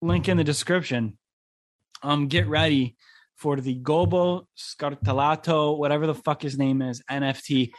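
A man's voice: on the high side, normal speed, no room sound. A young man from near Buffalo, New York, hosting a podcast in a rambling, casual way, full of fillers and swearing. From Buffalo area, New York. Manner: rambling, lots of "like" fillers, profane. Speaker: podcast host. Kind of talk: casual chat.

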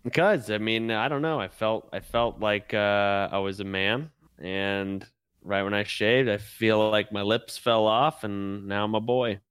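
A man's voice: fairly low pitch, steady tone, measured pace, fairly bright tone, clear, resonant tone, no room sound. A man co-hosting a podcast, chatting casually and telling rambling stories with frequent laughs. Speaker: podcast co-host. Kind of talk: casual chat.

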